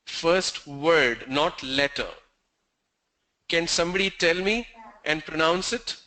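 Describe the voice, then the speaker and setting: Man, high bright voice, slow measured teaching, online class lecture, asks questions, repeats key points. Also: poor audio. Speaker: English pronunciation teacher.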